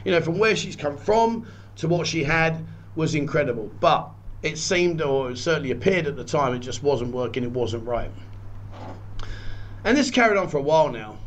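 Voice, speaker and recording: A man earnestly telling a personal story, often halting and repeating words. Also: on the high side, expressive, a little hiss or hum. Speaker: guest telling his story.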